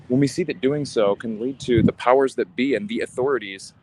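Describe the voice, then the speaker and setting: A man in his twenties livestreaming as he walks city streets, talking in a halting, reflective way with frequent sighs. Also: mid-range voice, noisy background. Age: 20s. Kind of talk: walking livestream talk.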